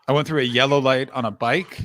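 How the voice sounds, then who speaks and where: A man co-hosting a casual chat, telling animated, profane anecdotes full of quoted back-and-forth. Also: mid-range voice, fairly quick, slight background noise. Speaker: podcast co-host, comedian.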